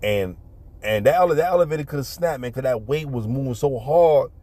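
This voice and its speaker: A man's voice: mid-range voice, fairly quick, warm tone. A middle-aged man, casually telling a street story and acting out punches with sound effects. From New York City.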